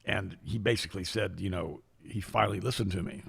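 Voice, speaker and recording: A man's voice: low-pitched, a little fast, vocal fry, husky. An older man co-hosting a casual talk show, rambling through stories and repeating his words. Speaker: co-host.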